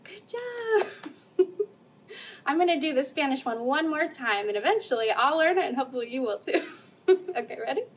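High-voiced woman leading story time. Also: lively intonation, brisk, long pauses, far from the mic, slight background noise. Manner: cheerful, laughs often, sings nursery songs. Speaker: children's librarian. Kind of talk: bilingual story time, reading and singing.

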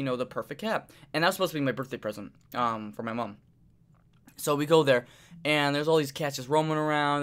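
A man's voice: a little high, a bit bright, smooth. A young man chatting casually to camera as a vlogger, rambling with lots of fillers and restarts and now and then cooing affectionately at his pet. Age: young adult.

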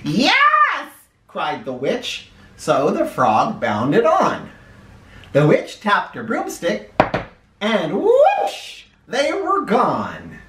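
A man reading a children's picture book aloud in a playful, animated way. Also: fairly high pitch, slow, slight background noise. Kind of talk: read-aloud storytelling for kids. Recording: echoey room, mic at a distance.

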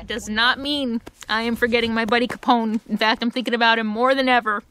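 A woman's voice: on the high side, steady tone, brisk, hardly any pauses, a bit bright, slight background noise. A woman vlogging casually from her RV, chatty with frequent laughter and doting puppy talk. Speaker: full-time RV vlogger. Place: inside an RV.

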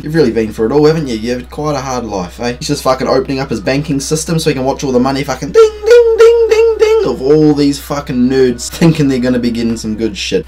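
A man giving gaming commentary from home late at night, loud and profane, ranting and laughing as he plays. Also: mid-range voice. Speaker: gaming video creator.

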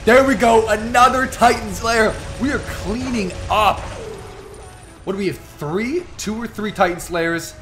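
A man giving excitable live commentary over his own gameplay, teasing and taunting the opponents as he plays. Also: high-pitched, unhurried, slight background noise. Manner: excitable, trash-talking the enemies. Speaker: gaming YouTuber.

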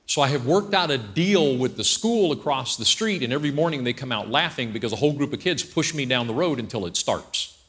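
Animated, bright-voiced pastor man preaching. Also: mid-range voice, a little fast. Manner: animated storyteller who acts out scenes and jokes. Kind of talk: humorous sermon. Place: church service.

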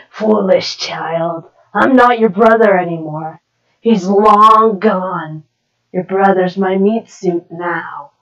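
Cruel male demon, woman voicing, slow and mocking, fan audio drama, muffled lo-fi sound. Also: mid-range voice, a bit bright. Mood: menacing. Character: gloating male dream demon possessing a boy.

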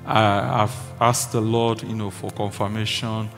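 A male pastor delivering a fervent sermon, building to shouted declarations of faith. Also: fairly low pitch, flat delivery, measured pace, creaky. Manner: impassioned preaching with shouted declarations. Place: church hall. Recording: reverberant hall with faint music.

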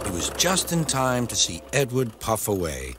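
A man narrating a children's storybook in a lively, animated way. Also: medium pitch, moderate pace, noisy background. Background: music.

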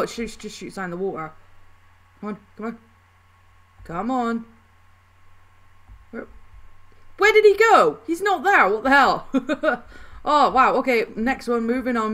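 A woman playing a video game and commenting as she goes, excitable, often crying out and repeating words when things go wrong, a little hoarse. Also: on the high side. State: slightly hoarse. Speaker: gaming channel host. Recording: faint background music.

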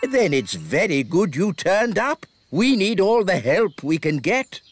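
Brief: a proper old elf, high and wildly swinging, slow, music behind. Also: male voice, very animated. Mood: formal. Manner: formal, proper. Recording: cartoon soundtrack with music.

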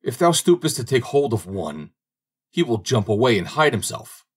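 A man playing a bold young drummer, husky and confident. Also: mid-range voice, sing-song, normal speed. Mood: boastful. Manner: confident, boastful, slightly raised voice. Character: brave young male drummer, bold and fearless. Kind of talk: audiobook character reading.

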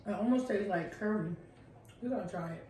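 A woman's voice: mid-range voice, fairly quick, darkish tone, a little hiss or hum. A woman chatting easily while eating on a food review show, teasing her friend. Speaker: co-host. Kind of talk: casual mukbang chat. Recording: very echoey room, mic at a distance.

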